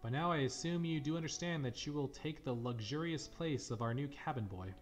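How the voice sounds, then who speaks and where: A man reading as a sly, folksy bartender who smooth-talks and hands out fortunes. The voice sits at an average male pitch, and faint game music plays underneath it. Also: brisk, lightly acted.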